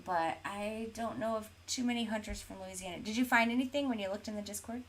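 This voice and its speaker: A woman's voice: mid-range voice, quick pace, a little hiss or hum. A woman co-hosting a casual gaming podcast, chatting and reading viewer comments aloud with lots of fillers. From Oklahoma, USA. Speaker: podcast co-host. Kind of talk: casual chat while streaming.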